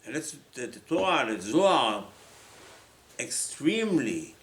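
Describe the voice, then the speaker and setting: A rabbi delivers a sermon in a medium-pitched, unhurried voice with big swings in pitch. He is emphatic and repetitive, often acting out the voices of the people he quotes. The room is echoey, with faint ambience.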